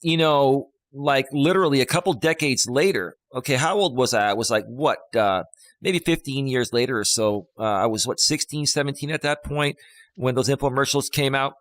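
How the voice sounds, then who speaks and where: A man in his fifties hosts a casual live stream as a life coach. He rambles and repeats himself, but stresses his points with emphasis. His mid-pitched voice sounds dry and close to the mic, with no room around it. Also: moderate pace, fairly bright tone, no room sound. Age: 50s. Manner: rambling, emphatic, with many fillers and restarts.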